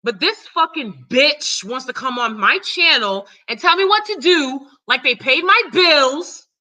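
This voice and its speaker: A woman hosting her own live stream, ranting loudly and cursing heavily in casual talk. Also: high-pitched, lively intonation, unhurried, poor audio. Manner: loud, profane, heated. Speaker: channel host.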